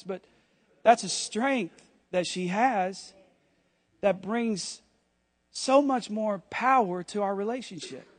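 A man preaching a sermon in church, animated and jokey, with quick asides to the congregation. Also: high voice. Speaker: pastor.

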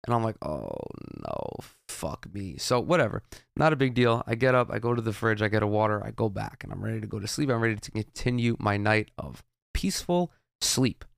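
Young guy podcast host, low gravelly voice, rambly and sweary, dry close sound. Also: fast, dry recording. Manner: rambling, profane, with frequent restarts. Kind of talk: casual storytelling monologue.

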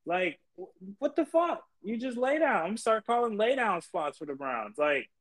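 A young man co-hosting a casual sports podcast, ranting in exasperation and swearing constantly, his pitch jumping high when he gets worked up. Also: lively intonation, normal speed, fairly bright tone, low-quality recording. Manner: profane, exasperated ranting with big pitch jumps. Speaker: podcast co-host.

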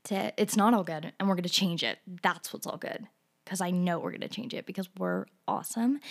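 A young woman with a gravelly, fry-heavy voice, hosting a solo podcast. She talks in a casual, opinionated ramble, full of fillers and quick laughs, at a middle pitch for a woman. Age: young adult. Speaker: podcast host.

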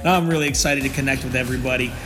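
A man's voice: mid-range voice, steady tone, racing, big-room sound, music in the background. Profane, laughing male podcast ranter. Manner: profane, laughing, heated ranting. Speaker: podcast host. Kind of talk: comedic rant podcast.

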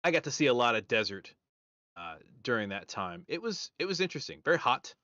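A man's voice: medium pitch, very animated, a little fast, bright, forceful tone, no echo. A man hosting a podcast, chatting casually and tossing in dry quips. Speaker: podcast host. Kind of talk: casual chat. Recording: dull lo-fi audio.

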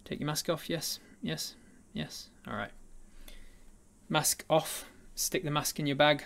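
A man's voice: a little high, steady tone, slow, vocal fry, a bit bright, a little hiss or hum. A man narrating a tabletop role-playing game as game master, describing the scene with frequent ums and uhs.

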